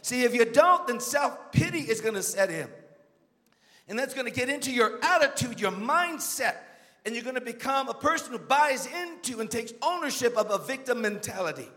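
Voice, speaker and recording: A man's voice: very high voice, sing-song, moderate pace, bright, forceful tone, big-room sound. A man preaching a sermon as a guest speaker, emphatic and calling out to the congregation.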